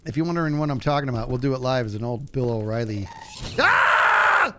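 A man streaming a game, telling a story in a casual way and acting out the people in it with a higher voice, laughing often. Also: racing, slight background noise. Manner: animated, acts out quotes in a higher voice, laughs often. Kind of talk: casual storytelling while gaming.

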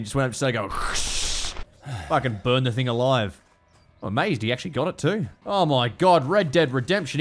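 A young Australian man giving excitable, foul-mouthed let's play commentary. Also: mid-range voice, slight background noise. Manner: excitable, swears a lot, laughs often. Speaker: gaming YouTuber.

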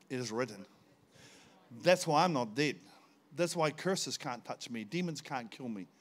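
An older man, preaching a sermon in church, telling personal stories and acting out the dialogue with bursts of shouting. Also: a little high. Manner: storytelling, animated, bursts into shouts when acting out scenes. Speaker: visiting pastor.

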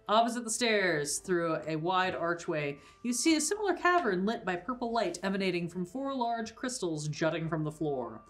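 A woman running a tabletop game as game master, narrating scenes with easy laughs and fillers. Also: mid-range voice.

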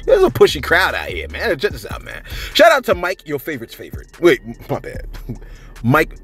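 A man hosts a celebrity gossip show in a loose, rambling style, and his voice sits a little high. His pitch swings widely as he talks. Faint music plays underneath. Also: huge pitch swings, brisk, a bit bright, slightly rough. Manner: rambling, reads viewer comments, frequent "you know what I'm saying". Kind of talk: casual chatty commentary.

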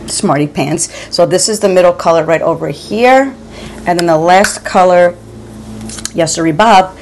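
A chatty woman in her forties or fifties reviews makeup from her home. Her voice sits a little low, and she talks to viewers like a friend, calling them "girl" and stumbling over repeated words. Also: normal speed, darkish tone, slight background noise. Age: 40s or 50s. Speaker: beauty vlogger. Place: home room.

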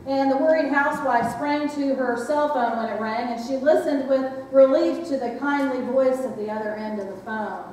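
A woman's voice: high-pitched, moderate pace, few pauses, darkish tone, slight background noise. A woman pastor giving a reflective sermon, often asking the congregation questions. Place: church sanctuary. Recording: echoey church hall from far off.

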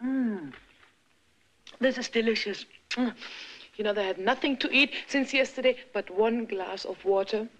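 A woman's voice: on the high side, unhurried, pauses often, close to an everyday voice. Flirty French actress, as a woman plays her. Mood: playful. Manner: flirtatious, coaxing, breathless. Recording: dull 1960s film soundtrack, faint hiss.

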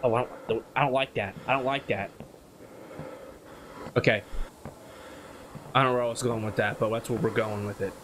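A man's voice: mid-range voice, steady tone, moderate pace, pauses often, background noise. A man giving nervous commentary while playing a horror game, muttering repeated worries and breaking into sudden yelps. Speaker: gaming YouTuber.

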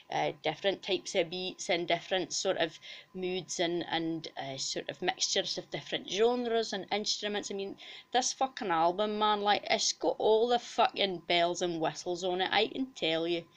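Rowdy Scottish cow gal played by a woman, swearing nonstop, loud and brash, comic puppet bit. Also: on the low side, close to an everyday voice. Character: foul-mouthed Scottish female cow mascot.

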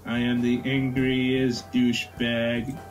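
Man, gamer, casual chat, crude jokes, slow-paced, music behind. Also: mid-range voice, monotone. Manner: crude, swearing, joking.

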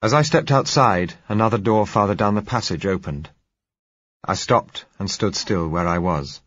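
A man reading a novel aloud in measured, first-person narration. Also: on the low side, a bit bright, no echo. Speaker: audiobook narrator. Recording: dull lo-fi recording.

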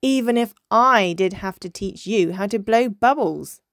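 A woman voicing a boastful, bossy young boy dolphin who talks loudly and shows off. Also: medium pitch, sing-song, slow, no echo, studio quality. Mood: excited.

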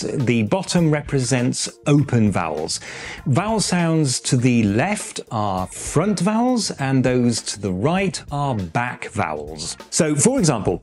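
Lively, dry-humored British man explaining phonetics. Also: mid-range voice. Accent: British, received pronunciation. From Britain. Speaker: educational YouTuber. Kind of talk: explainer video narration. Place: small room with poor acoustics, audio cleaned up. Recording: faint background music.

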